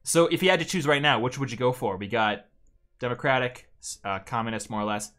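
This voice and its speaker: A man's voice: mid-range voice, fairly quick, a bit bright. A man streaming a strategy game in casual chat, reading game text aloud, laid-back and swearing freely. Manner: swearing, laid-back, stumbling over names.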